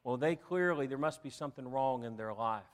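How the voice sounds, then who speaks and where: A man's voice: mid-range voice, a little fast. A man, a pastor giving a sermon in a folksy, humorous storytelling manner. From Southern United States.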